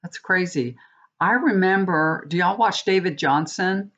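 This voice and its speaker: A woman's voice: lowish voice, measured pace, fairly bright tone, dull audio. A woman tarot reader chatting casually to her viewers, indignant and talkative, calling them y'all.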